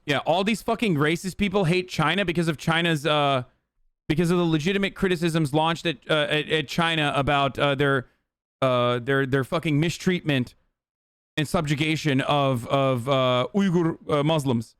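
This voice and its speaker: A man on a live stream tears into an interview clip in blunt, heated, profane talk. His voice sits high and smooth. The sound is dry and close. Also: normal speed, a bit bright, no room sound. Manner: blunt, heated, many fillers. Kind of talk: casual profane commentary.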